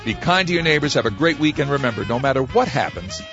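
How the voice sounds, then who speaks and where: A man's voice: medium pitch, expressive, quick pace, creaky, a bit bright. A man co-hosting a comedy radio show, joking, laughing often and telling stories. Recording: dull lo-fi radio recording with faint music.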